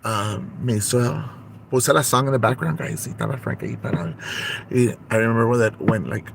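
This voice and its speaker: A man's voice: medium pitch, lively intonation, brisk, creaky, slight background noise. A man playing a brassy gossiping woman. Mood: gossipy. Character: brassy gossiping young Tejana woman, shameless and dramatic. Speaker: vlog character. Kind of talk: comedic character monologue.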